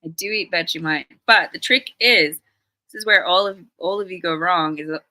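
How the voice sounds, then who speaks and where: A woman's voice: on the low side, normal speed, sharp tone, no room sound, rough recording. A woman from Australia hosting a casual live stream, chatty and full of rambling anecdotes. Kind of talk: casual chat.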